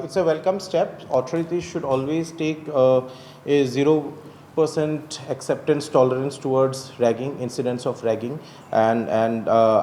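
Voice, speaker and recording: A man's voice: mid-range voice, mellow. Legal guy from on a remote feed, echoey room, bit of hiss, lots of uhs. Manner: measured, many "uh" pauses. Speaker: legal expert panelist. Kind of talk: TV panel debate discussion.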